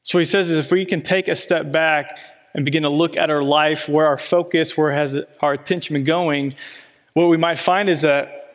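A fairly high-voiced man preaches a sermon, easing into it with a loose, anecdotal style full of "you know." His voice rings out with a long reverb, as if filling a large church hall. He sounds like a preacher at the pulpit. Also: normal speed. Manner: relaxed storytelling with many "you know" fillers.

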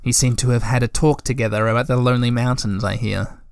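A grinning, knowing creature woman, as a male narrator voices her, teasing in a calm, dry way. It is a storybook reading with a close, dry sound. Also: medium pitch, quick pace, gravelly, clean tone, no room sound, close to an everyday voice. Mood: wry. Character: calm, wry female creature with a grin.

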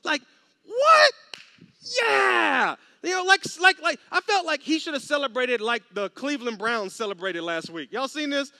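A man's voice: extremely high pitch, no room sound, clean studio sound. A man preaching a sermon with humor and acted-out voices. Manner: animated, humorous, acts out quoted voices. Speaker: pastor.

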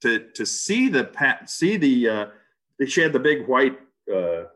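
A man casually recounting an ordeal in an interview, halting and animated. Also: medium pitch. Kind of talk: casual storytelling.

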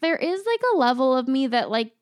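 A woman's voice: high-pitched, expressive, a little fast, clear, resonant tone, no echo, clean studio sound. A woman in casual podcast chat, reading answers aloud and commenting, laughing often.

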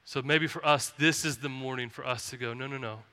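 Earnest man preaching in a bright, echoing hall. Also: medium pitch, steady tone, brisk. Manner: earnest, pleading, drops to soft tones. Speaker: pastor. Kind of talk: sermon. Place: church sanctuary. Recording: reverberant church hall.

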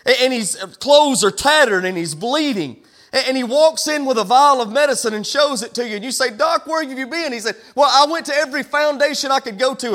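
High-voiced preaching pastor, emphatic. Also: male voice, a bit bright. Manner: preaching with rising, emphatic declarations. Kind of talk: sermon.

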